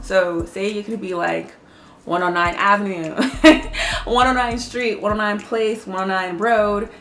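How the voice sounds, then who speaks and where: A woman's voice: mid-range voice, a bit bright. A young woman telling a story in casual, profane chat, laughing as she goes. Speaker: vlogger.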